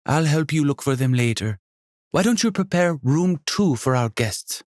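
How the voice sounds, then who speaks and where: A man voicing a chatty woman in her sixties who runs a bed and breakfast, with a faint Jamaican accent and rapid-fire energy. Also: fairly high pitch, animated, no room sound, studio quality, voice pushed up, natural voice. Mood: bubbly. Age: 60s.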